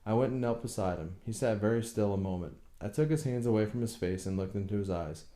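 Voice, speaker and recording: A man reading a novel aloud as an audiobook narrator, slow and measured. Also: lowish voice, warm tone, echoey room. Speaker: audiobook reader.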